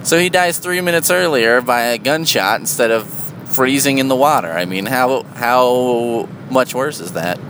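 A man in a casual, rambling monologue, sardonic and full of swearing, jumping into a high, loud voice for emphasis. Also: moderate pace, noisy background.

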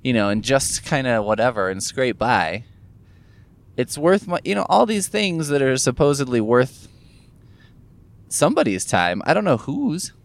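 A man's voice: medium pitch, sing-song, a little slow, vocal fry. A man talking casually to camera in a rambling, musing monologue, sore from recent gum surgery, swearing offhandedly as he thinks aloud. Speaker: vlogger. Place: in a car.

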